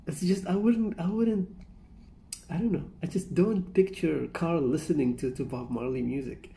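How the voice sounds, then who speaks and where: A woman chats through her reaction to a clip, amused and talking freely. Her voice is mellow and soft-edged. A faint ambient noise runs underneath. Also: low voice, moderate pace, vocal fry. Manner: chatty, amused. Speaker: reaction video host. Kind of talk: casual reaction commentary.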